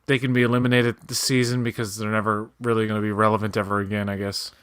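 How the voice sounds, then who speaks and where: A man's voice: lowish voice, level tone, fast talker, a bit bright, smooth, no echo, clean studio sound. A man co-hosting a casual watch-along chat, rambling loosely with many fillers. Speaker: podcast co-host.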